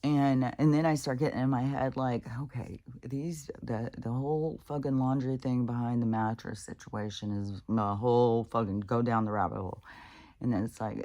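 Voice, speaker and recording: Here the same kind of rambling monologue comes from a woman vlogger at home with her dogs, in a rumbling low, slightly mellow voice with fairly even intonation at normal speed. She curses freely, laughs, and often starts her sentences over.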